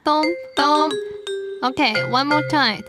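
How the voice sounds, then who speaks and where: A cheerful female teacher in a dubbed TV drama, speaking high and slow as she coaches her class. She is patient and encouraging and has the students echo each word. Music plays beneath her lines. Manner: patient, encouraging, repeats words for learners to echo.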